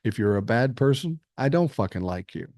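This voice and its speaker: A man in his 60s from Minnesota hosts a casual livestream as a podcast host, reading chat comments and answering bluntly with lots of swearing, though his tone stays reasonable. His mid-range voice is brisk with lively intonation and a darkish tone. The studio-quality recording has no echo.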